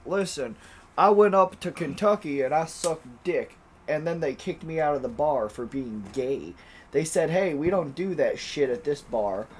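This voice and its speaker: A man imitating a middle-aged male stand-up comedian with a slow drawl. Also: a little high, animated, a little hiss or hum. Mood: boastful.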